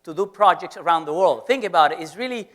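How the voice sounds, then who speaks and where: A man's voice: high voice, animated, fast, fairly bright tone. A middle-aged man with a Venezuelan Spanish accent, a business school professor giving a playful, teasing lecture to students in an auditorium.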